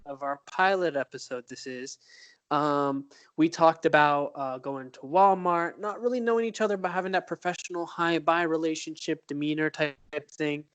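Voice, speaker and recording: A man's voice: a little high, normal speed, fairly bright tone, clean tone. A young man co-hosting a podcast, telling stories in an upbeat, rambling way with many fillers. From Palestine. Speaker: podcast co-host. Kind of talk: casual chat.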